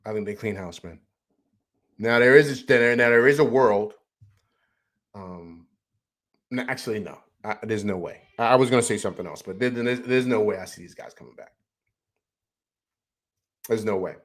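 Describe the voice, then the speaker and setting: A man's voice: lowish voice, moderate pace, long pauses, fairly bright tone. A man hosting a postgame sports show, upset after a loss, ranting in a heated, rambling way with many repeated words and restarts. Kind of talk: emotional postgame sports rant.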